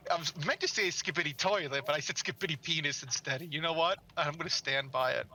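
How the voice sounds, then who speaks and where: Brief: bright-voiced, fairly high man; playful, sweary game streamer over faint music. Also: fast talker. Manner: playful, swears freely, sings nonsense syllables. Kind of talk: casual gaming chat.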